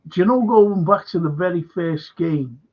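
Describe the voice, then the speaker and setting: An older man hosting a casual chat, talking haltingly with many fillers and restarts. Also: high-pitched. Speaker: host. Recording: dull lo-fi sound.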